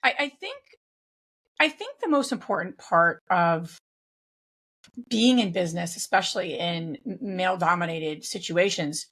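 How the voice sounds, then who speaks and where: A woman's voice: fairly low pitch, expressive, measured pace, fairly bright tone. A woman guest in a conversational interview, speaking reflectively with frequent restarts and fillers. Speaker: guest, real estate investor.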